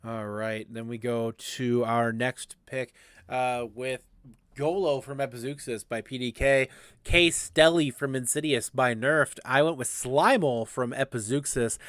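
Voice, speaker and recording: A man hosting a casual esports podcast, briskly running through a list of draft picks and asking his co-hosts about them. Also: mid-range voice, a bit bright, no room sound, clean studio sound. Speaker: podcast host.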